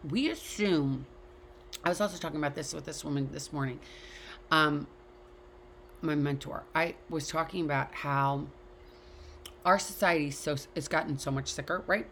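A woman's voice: low-pitched, a bit bright, a little hiss or hum. A middle-aged woman talking casually and candidly to an online class, speaking her mind and swearing freely. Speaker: class teacher. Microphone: video call.

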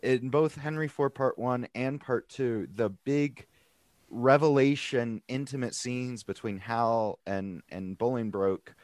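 A man's voice: mid-range voice, slow pace, darkish tone, no room sound. A man taking part in a play reading, talking conversationally about a scene. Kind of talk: casual discussion.

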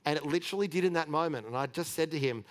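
A middle-aged man with a fairly high voice preaches in rapid-fire fashion, keeping things chatty and candid. His sermon is built on personal stories, with light laughs and restarts along the way.

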